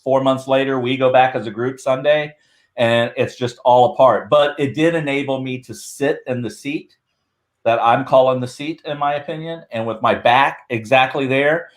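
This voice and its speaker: A man talks as a podcast guest in a loose, rambling way. His voice sits at an everyday middle pitch. He tells his story with lively energy. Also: moderate pace. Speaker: guest Bigfoot researcher. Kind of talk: casual podcast chat.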